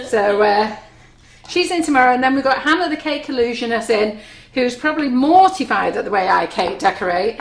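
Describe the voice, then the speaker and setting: A woman's voice: a little high, lively intonation, normal speed, gravelly. A woman hosting a live cake decorating demonstration, chatty and giggly, poking fun at herself. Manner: chatty, giggly, self-deprecating. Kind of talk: live cooking demonstration chat. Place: kitchen studio. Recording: echoey room, faint noise.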